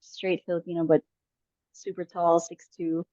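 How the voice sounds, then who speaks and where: On a podcast, a woman casually shares a personal story with many fillers and restarts. Her voice is on the low side and dark in tone, with little pitch movement and a normal speed. The audio is dull and lo-fi, with no room sound.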